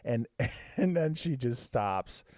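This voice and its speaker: A man co-hosting a podcast, telling a funny story in relaxed chat and slipping into voices for the people and dogs in it. His pitch rises and falls widely. He sits close to the mic, and the sound is dry with no room around it. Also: slow, dry recording. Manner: animated, acts out voices in stories. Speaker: podcast co-host.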